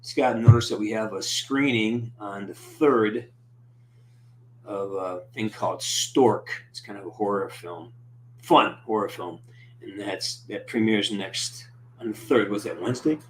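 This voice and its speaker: A man's voice: on the low side, measured pace, slight background noise. A man hosting a casual live stream, greeting viewers by name and chatting in an upbeat, rambling way.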